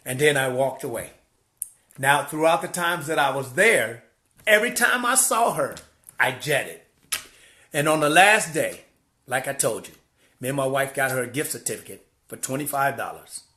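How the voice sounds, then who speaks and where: A man sharing a personal testimony in a vlog, an animated, preacherly storyteller who repeats phrases for emphasis. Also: mid-range voice, normal speed. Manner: preacherly, heartfelt. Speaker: church volunteer sharing his story.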